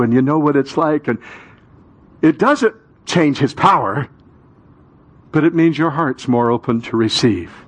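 A male pastor preaching a sermon, building to loud emphatic peaks and calling the congregation to repeat after him. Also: mid-range voice, breathy edge.

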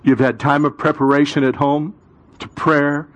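A male pastor preaching a sermon, building to loud emphatic peaks and calling the congregation to repeat after him. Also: fairly high pitch, little pitch movement, normal speed.

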